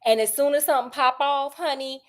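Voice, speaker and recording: Brief: exasperated, slangy detective, played by a woman, higher voice, sassy delivery. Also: steady tone, brisk, lightly acted. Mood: stern. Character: sassy, exasperated male detective Sherlock Holmes. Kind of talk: casual comic story retelling.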